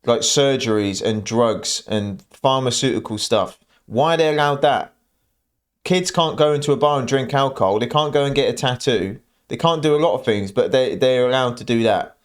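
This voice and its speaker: A man's voice: mid-range voice, normal speed. A man hosting a reaction channel, talking over clips in an exasperated, mocking tone.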